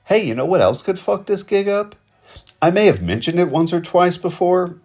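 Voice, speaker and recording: A man's voice: sits high, expressive, moderate pace, a little mellow, soft background music, voice pushed up. A man voicing Schultz, an edgy young man with a raised, sarcastic delivery.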